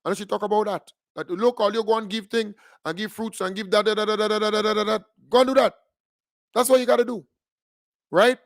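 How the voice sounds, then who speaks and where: A man's voice: sits high, fairly even intonation, fairly quick, dry recording, studio quality. A man with a Grenadian accent delivering political radio commentary as a fiery, mocking and combative rant.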